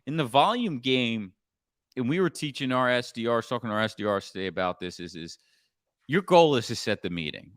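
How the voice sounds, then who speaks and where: Blunt animated middle-aged man. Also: medium pitch, fairly quick, no room sound, studio quality. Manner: blunt, animated storytelling with profanity. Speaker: sales coach and podcast host. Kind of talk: casual podcast chat.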